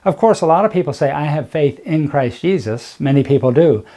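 Mellow-voiced man giving emphatic commentary. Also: on the high side, animated. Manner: deliberate, emphatic, stretches key words. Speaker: channel host. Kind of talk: commentary with bible reading.

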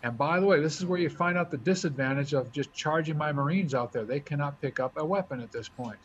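A man talking through his moves as he explains a board game, thinking out loud in a casual way. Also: a little high, quick pace. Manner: chatty, thinks aloud while moving pieces. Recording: dull lo-fi recording with faint hiss.

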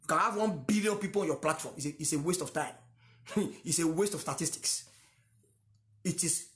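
A man's voice: on the high side, normal speed, long pauses, a bit bright, echoey room. A Nigerian-accented man whose first language is Yoruba, preaching a sermon emphatically and repeating lines for stress. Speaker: pastor.

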